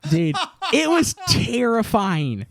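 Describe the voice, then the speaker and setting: A man's voice: high-pitched, takes it slowly, creaky, a crowd in the background. A young man co-hosting a casual podcast, telling a story with lots of "dude" and "like". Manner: animated storyteller, says "dude" and "like" a lot. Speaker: podcast co-host.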